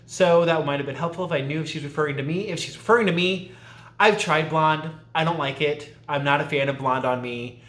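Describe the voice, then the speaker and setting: A man's voice: a little high, fairly quick, fairly bright tone. Chatty man in an echoey room. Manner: rambling, self-interrupting, laughs often. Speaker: YouTube vlogger. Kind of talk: casual chatty tag video.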